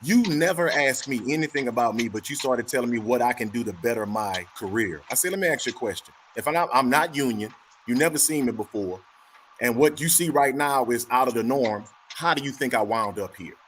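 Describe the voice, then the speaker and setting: Brisk male talker who acts out every voice in his stories; mid-range pitch, faint noise behind. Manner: animated storyteller acting out both sides of a dialogue. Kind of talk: casual chat.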